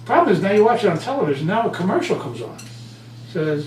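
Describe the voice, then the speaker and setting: A man being interviewed as an author and speaker, telling stories with lively acted-out quotes. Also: sits high, quick pace. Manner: animated storyteller, acts out quotes. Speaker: guest author and motivational speaker. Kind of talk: conversational interview. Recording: roomy, distant mic, faint hum.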